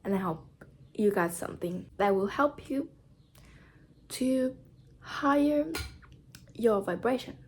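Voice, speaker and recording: A woman's voice: a little high, lively intonation, takes it slowly, long pauses, a little hiss or hum. A woman from Brazil with a Brazilian accent, giving motivational advice to camera in an earnest, repetitive, casual way. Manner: earnest, repetitive, simple phrasing. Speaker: vlogger.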